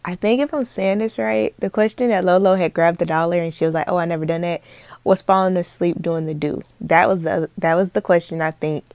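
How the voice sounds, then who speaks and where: A woman chatting casually in a relaxed, slightly unsure way while recapping a video. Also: fairly low pitch, fairly quick, hardly any pauses, dry recording.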